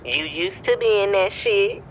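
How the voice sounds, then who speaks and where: A man's voice: high-pitched, fairly even intonation, muffled recording, slight background noise. An actor playing a blunt, foul-mouthed young man who curses nonstop on a video call. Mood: sassy. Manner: brash and profane, rapid cursing.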